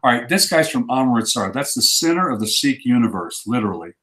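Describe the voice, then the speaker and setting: A man's voice: medium pitch, big pitch swings, a little fast, pushed and bright, echoey room. A man in a casual chat who tells his stories with conviction and acts out the quotes. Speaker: ministry guest.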